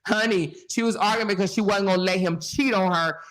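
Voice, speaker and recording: A woman's voice: medium pitch, fairly quick, a bit bright. A woman host giving sassy reaction commentary, laughing often and talking straight to her viewers.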